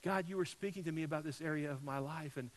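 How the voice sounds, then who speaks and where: Pastor man with a higher voice. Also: quick pace, rough recording. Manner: conversational storytelling, building to loud peaks then dropping soft. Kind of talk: sermon.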